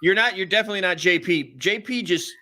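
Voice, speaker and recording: A man with a bright, forceful tone and a slightly high voice, talking in loose podcast banter. He rambles, swears often and slips into acting out what others said. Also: fast. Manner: rambling, profane, acts out what people said. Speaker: podcast co-host. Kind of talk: casual podcast chat.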